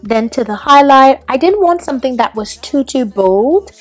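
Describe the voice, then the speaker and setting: A woman's voice: sits high, lively intonation, moderate pace, soft background music. Young woman in a put-on British accent. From Trinidad. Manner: chatty and gushing. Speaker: beauty vlogger. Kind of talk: makeup tutorial voiceover.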